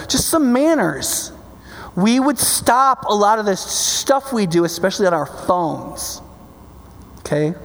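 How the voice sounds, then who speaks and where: A man's voice: sits high, creaky. A male pastor preaching a sermon, talking conversationally, checking in with his listeners, and building to passionate, emphatic peaks. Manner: builds to passionate, loud climaxes. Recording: long reverb of a large hall.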